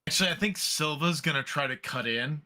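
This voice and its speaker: A man's voice: fairly high pitch, a little fast, pushed and bright. A man playing in a tabletop game, talking loosely with fillers and laughs. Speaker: player. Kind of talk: casual tabletop play.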